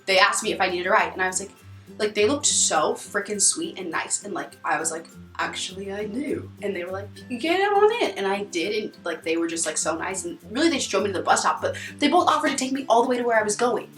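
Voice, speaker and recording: A woman's voice: mid-range voice, fast talker, a bit bright, faint music behind. Young American woman vlogger, bubbly and chatty, roomy sound from a distance. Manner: bubbly, rambling, lots of "like". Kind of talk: casual chat to camera. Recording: echoey room heard from a distance.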